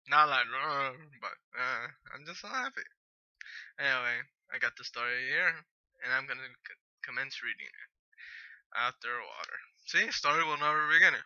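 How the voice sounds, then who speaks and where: A young man rambling excitedly and giggling as he introduces a story reading on his channel. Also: mid-range voice, no room sound, highs cut off. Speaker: YouTube story reader. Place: lying on the floor at home.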